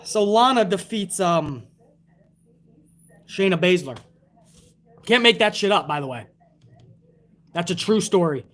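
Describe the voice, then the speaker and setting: High-voiced profane wrestling ranter. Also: male voice, expressive, unhurried, long pauses, fairly bright tone. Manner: profane, ranting, sarcastic. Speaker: wrestling show reviewer. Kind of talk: casual live-stream commentary.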